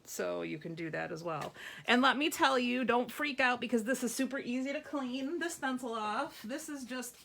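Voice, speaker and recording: A woman hosts a live craft demonstration in a craft store classroom, chatty and upbeat as she shows a stamping technique and reassures viewers. Her voice is on the high side, bright and expressive, with vocal fry, at a normal pace.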